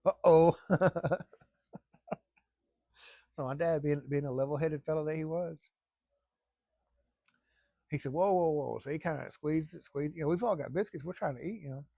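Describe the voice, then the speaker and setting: A man's voice: fairly high pitch, normal speed, creaky, long pauses, dark tone, breathy edge, no echo, studio quality. A middle-aged man telling a long family story in a rambling, folksy way, with casual swearing. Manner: rambling, folksy, salty language.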